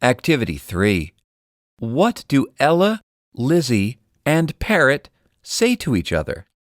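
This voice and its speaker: A narrator reading a children's story aloud and leading the activities, slow and very expressive. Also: medium pitch, no echo, clean studio sound. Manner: slow, sing-song, very expressive.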